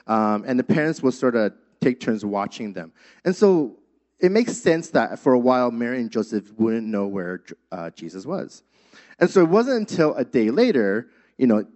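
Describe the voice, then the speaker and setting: A man's voice: mid-range voice, a little mellow. A young man preaching a sermon as a pastor, in an easy conversational way with frequent fillers. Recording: dull lo-fi sound.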